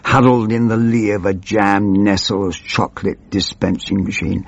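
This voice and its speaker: A man playing a doddering, pompous old politician who rambles and loses his thread, in a gravelly, husky voice. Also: fairly low pitch, dry recording, muffled recording, heavily acted. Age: older. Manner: meandering, wandering off and losing his thread. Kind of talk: comic character monologue.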